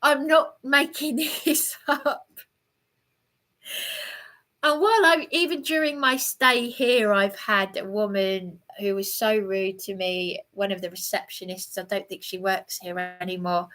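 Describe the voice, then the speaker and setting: A woman streaming from a hotel room, chatting with her viewers in a rambling, halting way and answering their comments as they come in. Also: mid-range voice, little pitch movement, a bit bright. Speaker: livestreamer. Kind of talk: rambling live chat to viewers.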